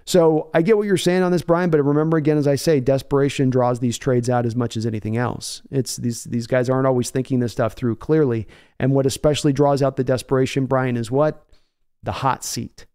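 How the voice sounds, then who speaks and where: A man's voice: mid-range voice, steady tone, brisk, dark tone, clean tone. A man hosting a live sports stream, chatting casually and answering viewers by name. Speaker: sports podcast host reading chat.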